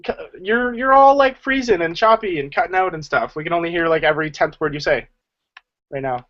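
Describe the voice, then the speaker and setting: A man's voice: a little high, fairly quick. A man co-hosting a casual group video chat, jokey and chatty with lots of fillers. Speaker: channel co-host. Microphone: video call. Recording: lo-fi video call audio.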